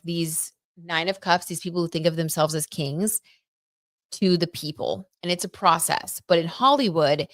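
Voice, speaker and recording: A woman hosting a live tarot reading stream, talking casually and excitedly, gasping and reading viewer comments aloud. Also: deep voice, no room sound, studio quality. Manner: chatty and excitable, reads viewer comments aloud, gasps and many "like"s.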